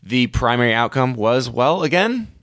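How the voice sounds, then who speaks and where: A man in middle age delivers a medical lecture with a showman's flair, leaning into theatrical asides and mock drama. His voice sits at an ordinary pitch, and the recording is dry and close, with no room sound around it. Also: very animated, moderate pace, fairly bright tone, no room sound. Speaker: medical educator.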